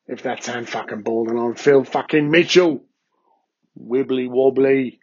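A man's voice: monotone, takes it slowly, dull audio. An Irish man putting on a foul-mouthed football fan who screams and swears at the referee. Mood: ranting. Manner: shouting, high-pitched, swearing.

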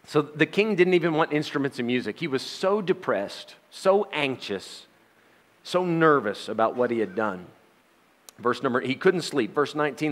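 A man's voice: fairly high pitch, expressive, moderate pace. A man preaching a sermon in a folksy, joking manner, with frequent laughs.

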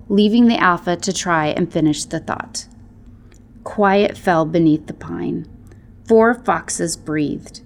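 Slow, soft-spoken woman reading a story. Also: fairly low pitch, gravelly. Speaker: narrator. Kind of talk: storybook narration.

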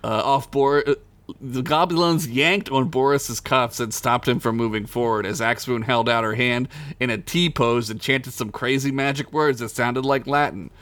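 A man's voice: mid-range voice, fairly even intonation, normal speed, fairly bright tone, dry recording. Casting note: male podcast host reads a raunchy comedy tale aloud, dry close sound. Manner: crude jokey reading, breaks into laughter. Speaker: podcast co-host reading his own comic story. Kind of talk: comic story reading.

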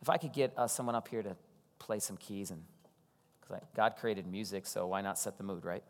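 A man's voice: fairly low pitch, fairly quick. A man preaching as a pastor, telling stories conversationally and asking the congregation questions. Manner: conversational storytelling, asks the crowd questions. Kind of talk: sermon. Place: church hall. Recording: long hall reverb with soft keys.

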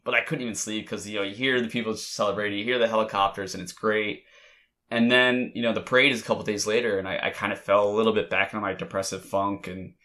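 A man with a low, bright, forceful voice chats casually about his team. He tells the story emotionally, rambling and restarting often. It is a relaxed back-and-forth between two fans. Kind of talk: casual chat.

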